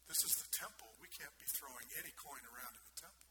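A man's voice: medium pitch, fast talker, lightly acted. A man voicing a scheming male temple official who talks in a slick, reassuring salesman tone. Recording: noticeable background noise.

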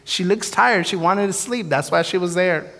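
A man's voice: sits high, moderate pace, sharp tone. A man giving a storytelling sermon, candid and self-deprecating, acting out his prayers and the dialogue in his story. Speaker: preacher giving testimony. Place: church sanctuary. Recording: long echo of a large hall.

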